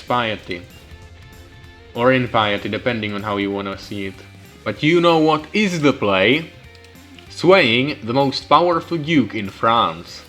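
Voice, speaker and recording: A man's voice: lowish voice, fairly bright tone. Young guy ranting over a strategy game, sarcastic, swears a lot, faint music behind. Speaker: gaming channel host. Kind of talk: strategy game let's-play commentary. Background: faint background music.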